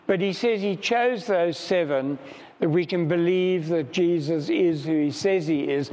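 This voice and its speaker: A man preaching a sermon slowly and emphatically, prompting his congregation to answer. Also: on the high side, darkish tone. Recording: dull sound in a reverberant hall.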